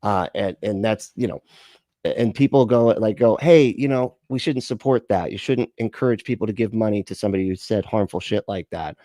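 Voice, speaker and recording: A man's voice: lowish voice, brisk, mellow, no echo, studio quality. A man hosting a casual reaction stream, rambling and profane, laughing often.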